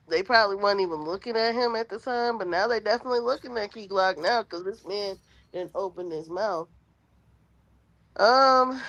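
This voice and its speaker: A woman's voice: fairly low pitch, no room sound. A woman co-hosting a live stream, musing hesitantly over her opinions. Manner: musing, hesitant, lots of "I believe". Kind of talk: casual live-stream commentary. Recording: dull lo-fi remote audio.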